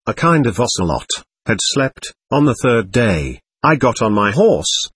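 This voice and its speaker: A man reading a first-person adventure memoir aloud in a steady storytelling manner. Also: mid-range voice, slightly rough, dry recording.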